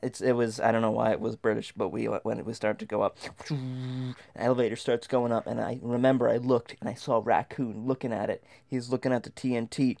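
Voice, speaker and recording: A man's voice: medium pitch, little pitch movement, fairly quick, creaky, a little mellow. A man telling a comic tall tale as a dramatic monologue, stammering and restarting often. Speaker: storyteller.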